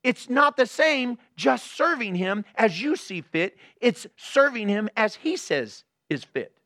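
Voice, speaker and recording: A male pastor preaches in a conversational way, throwing out rhetorical questions and acting out little scenes. His voice is high and sharp. The sound is dry and close. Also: sing-song, slow pace, no echo. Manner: acts out everyday scenes. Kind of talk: sermon.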